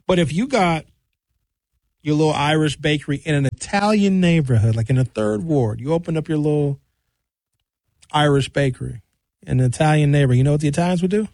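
A man's voice: fairly high pitch, brisk, darkish tone, no room sound. A man delivering an opinionated, mocking rant as a monologue. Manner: ranting, mocking. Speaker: commentator.

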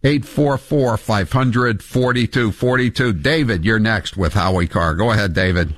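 A man's voice: fairly low pitch, moderate pace. A male talk radio host, blunt and combative, mocking his opponents while taking calls.

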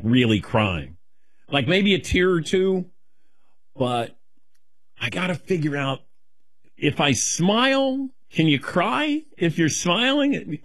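A middle-aged man answers questions in a loose, self-deprecating ramble. His voice is slightly husky and swings widely in pitch. The sound is dry and close. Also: a bit bright, dry recording. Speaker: guest taking questions. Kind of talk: casual rambling chat.

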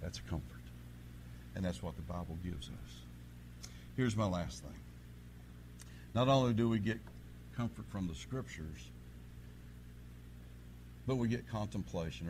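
A man preaching a sermon, telling folksy stories and swinging from quiet asides to loud preaching. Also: low-pitched, lively intonation, unhurried, pauses often, slight background noise. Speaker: pastor.

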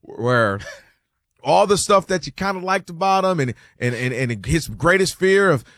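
A man hosts a casual sports debate show and argues his take with energy. His voice sits a little high for a man, and it is recorded dry and close. He keeps dropping into quick, higher-pitched impressions of fans and players. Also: no room sound. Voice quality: animated, acts out quoted fans and players in a higher voice. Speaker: sports talk show host.

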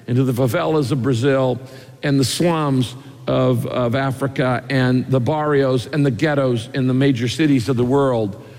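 A man's voice: fairly high pitch, darkish tone. Folksy preacher man in a big reverberant hall. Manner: folksy storytelling with rhetorical questions. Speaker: pastor. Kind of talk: sermon.

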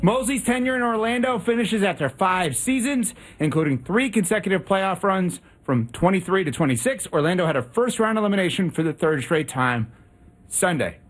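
A sports radio host, a man, comes on a little out of breath. His voice sits high and husky, and his pitch rises and falls with energy as he walks through his analysis. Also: normal speed. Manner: animated, talkative analysis.

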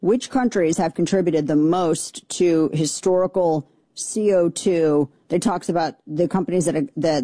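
A woman's voice: fairly low pitch, warm tone, no echo. A woman hosting a political commentary show, talking in an indignant, exasperated way with many restarts. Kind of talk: opinionated commentary monologue.

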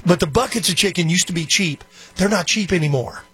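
A man's voice: high-pitched, a little fast, a bit bright, breathy edge, dry recording. A man hosting a talk radio show, chatting in a rambling, opinionated way. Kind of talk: casual talk radio commentary. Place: radio studio.

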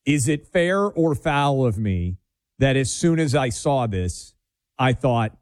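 A man's voice: medium pitch, sing-song, slow pace, darkish tone, no echo. A man from Nashville co-hosting a talk radio show, bantering casually with opinionated, self-deprecating jokes. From Nashville, Tennessee.

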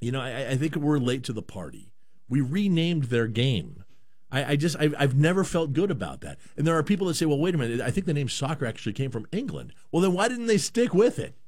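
A radio show host with a fairly high voice speaks briskly, chatting casually and joking. He is animated and rambling, restarting his sentences a lot.

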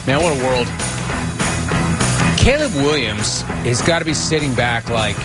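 A man's voice: mid-range voice, lively intonation, measured pace, long pauses, loud music behind the voice. A middle-aged man hosting a sports talk radio show, delivering a brash, punchy monologue. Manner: brash, punchy, mocking quotes in a whiny voice.

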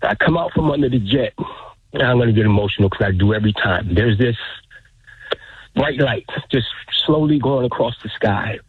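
A man, a military veteran, calling in to a radio show and telling a story earnestly, a little haltingly. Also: mid-range voice, slightly rough, dry recording. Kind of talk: phone-in story. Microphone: phone. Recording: tinny phone line.

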